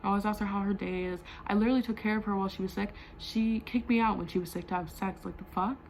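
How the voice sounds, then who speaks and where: A woman's voice: mid-range voice, steady tone, fast talker, a little mellow, slight background noise, poor audio. A young adult woman telling a storytime vlog in a heated, profane way, full of "like" fillers. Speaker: vlogger.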